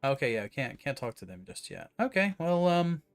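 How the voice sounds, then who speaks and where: A man's voice: on the high side, very animated, normal speed. A man streaming a game, commenting casually and rambling with fillers as he plays. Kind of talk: live gameplay commentary.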